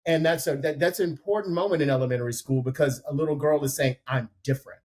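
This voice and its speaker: A man's voice: fairly high pitch, fast talker. A man co-hosting a talk show, earnestly retelling a friend's story in a conversational way. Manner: earnest, animated retelling with quoted voices. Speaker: podcast co-host.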